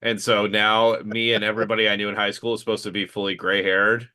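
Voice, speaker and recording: A man's voice: on the low side, level tone, quick pace, pushed and bright, smooth. A man in his late thirties co-hosting a podcast in casual chat, hesitant and wry, with lots of fillers. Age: late 30s. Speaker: podcast co-host.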